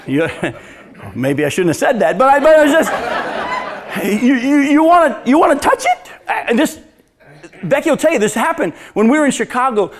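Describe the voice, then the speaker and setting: Man, pastor, high voice, animated sermon, storytelling, laughs at own jokes. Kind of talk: sermon with audience questions.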